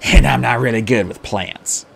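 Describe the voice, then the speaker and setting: A man's voice: mid-range voice, normal speed, gravelly, husky. A male audiobook narrator voicing a carefree, playful man who talks in a light, offhand way. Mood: breezy.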